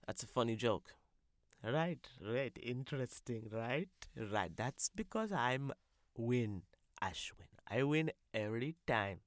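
A man voicing a rambling, stoned middle-aged Indian man with a Gujarati accent who talks in slow, halting mumbles that drift toward a whisper. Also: mid-range voice, lively intonation, no echo. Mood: mumbling. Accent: Gujarati-accented English. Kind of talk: comic sketch.

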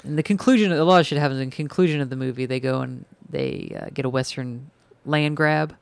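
Young male co-host, gravelly voice, chatty movie talk, dry recording. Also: mid-range voice, fairly quick, no room sound. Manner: chatty, recommends films. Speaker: podcast co-host. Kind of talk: casual chat watching a movie.

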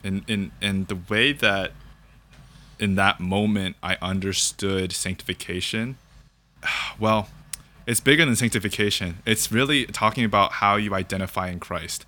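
A young man calmly sharing his faith story in conversation, thinking aloud and often checking in with "right?". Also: lowish voice. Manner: reflective, thinks aloud with fillers and repeated "right?". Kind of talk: casual conversation about faith.

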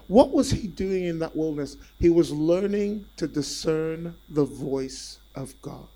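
A male preacher giving a sermon in an animated, repetitive way and calling out to the congregation. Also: a little high, measured pace, few pauses, low-quality recording.

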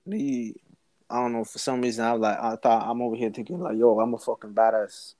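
A man's voice: mid-range voice, steady tone, brisk, dark tone, dry recording. A young man casually telling a story to a friend, full of slang and swearing, laughing as he goes. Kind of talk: casual chat.

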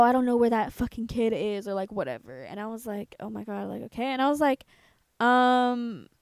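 A young woman in her twenties from the United States, telling a story on a podcast in a casual, profane, animated way. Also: mid-range voice, dry recording. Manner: profane, animated, quotes herself and others. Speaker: podcast co-host.

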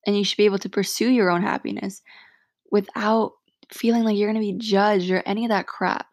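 A woman's voice: mid-range voice, steady tone, a little fast, darkish tone, dry recording, studio quality. A young woman hosting a solo podcast, talking frankly and from the heart, swearing freely and saying "like" a lot. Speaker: podcast host. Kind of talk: casual solo podcast monologue.

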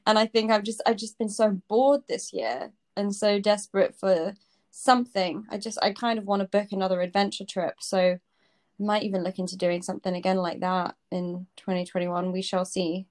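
A woman's voice: medium pitch, level tone, moderate pace. A young woman in casual chat, talking about travel with many fillers and laughs. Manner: chatty, frequent fillers and laughs.

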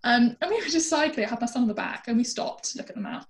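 A British woman telling a travel story as a guest, chatty and lively with lots of fillers. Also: on the high side, quick pace, a little hiss or hum. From Britain. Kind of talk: casual storytelling chat.

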